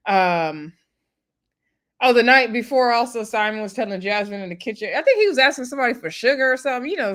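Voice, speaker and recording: Brief: woman vlogger, mid-pitch voice, loose chatty recap, animated and gossipy. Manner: animated, gossipy, laughs often.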